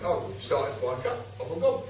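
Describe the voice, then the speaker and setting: A man's voice: a little high, sing-song, brisk. A man telling a casual anecdote to an audience, swearing freely and acting out the other voices. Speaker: storyteller. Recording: echoey room, distant from the mic, faint noise.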